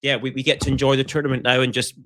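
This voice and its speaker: A Scottish man co-hosting a podcast in casual chat, animated and joking, swearing freely. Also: mid-range voice, rapid-fire. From Scotland. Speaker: podcast co-host.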